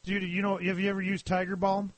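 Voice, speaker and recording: A man's voice: sits high, quick pace, dry recording. A man in rowdy, profane podcast banter, telling crude stories. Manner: rowdy, profane, animated storytelling.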